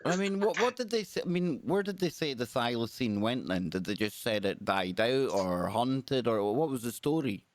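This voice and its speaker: A man's voice: mid-range voice, animated, normal speed, few pauses. A man hosting a live talk show, curious and enthusiastic as he questions guests. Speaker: host. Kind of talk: casual talk show chat. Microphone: own mic, hears call echo.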